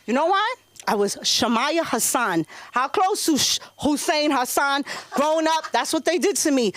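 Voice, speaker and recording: A woman's voice: high voice, measured pace. Woman, New York accent, stand-up comic, brash, profane, swooping voice. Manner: brash, profane, loud and animated. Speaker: stand-up comedian. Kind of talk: open mic stand-up.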